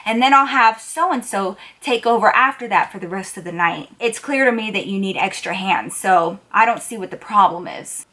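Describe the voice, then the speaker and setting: A woman voicing a brisk male bar manager who talks in a flat, matter-of-fact way while busy with other things. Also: mid-range voice. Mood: businesslike.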